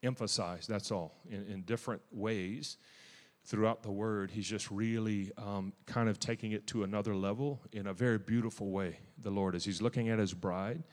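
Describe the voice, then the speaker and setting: A man preaching a testimony-style sermon in a church. He is emphatic and zealous, with restarts and sudden loud bursts. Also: on the low side, fairly even intonation, normal speed, big-room sound.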